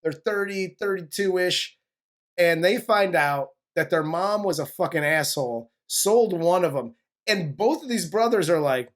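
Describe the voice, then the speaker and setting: A man's voice: sits high, animated, measured pace. Joking, crude male movie podcast host. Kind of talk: casual movie review chat.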